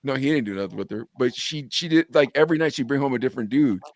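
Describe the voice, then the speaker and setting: A young adult man hosting a podcast, telling a story with animated quoted dialogue in casual chat. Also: medium pitch, quick pace. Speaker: podcast host.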